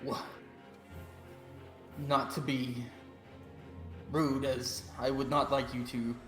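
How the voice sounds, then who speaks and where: A man's voice: mid-range voice, level tone, slow. A man playing in a tabletop game who talks in a hesitant, stammering way. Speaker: player. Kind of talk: casual tabletop game play. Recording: roomy, with background music.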